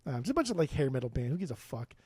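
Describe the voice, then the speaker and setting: A man's voice: medium pitch, very animated, rapid-fire, darkish tone, husky, no room sound. A man co-hosting a podcast in casual chat, rambling, swearing freely and restarting his sentences. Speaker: podcast co-host. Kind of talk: casual chat about music.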